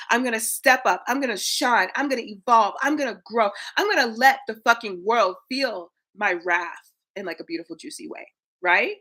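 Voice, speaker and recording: A woman in her thirties, a spiritual coach giving an energetic, preachy livestream talk to her viewers, swearing casually. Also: a little high, moderate pace.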